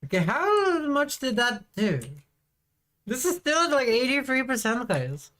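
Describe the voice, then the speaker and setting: Woman streamer, slightly high voice, slow and easygoing, teasing and giggly with chat. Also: big pitch swings, fairly bright tone. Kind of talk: casual live-stream chat.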